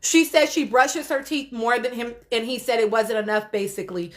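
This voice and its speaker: A woman's voice: a little high, normal speed. A woman hosting a casual livestream, laughing often and talking straight to her viewers. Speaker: livestream host. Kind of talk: casual live-stream chat reacting to comments.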